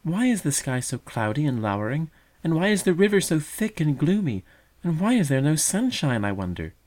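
Male reader as sweet young sister bird: gentle, wistful, high. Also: big pitch swings, moderate pace. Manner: soft, wistful, trusting.

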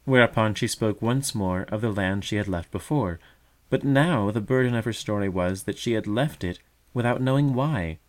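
A man narrating a storybook tale in a measured, gentle read. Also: on the low side.

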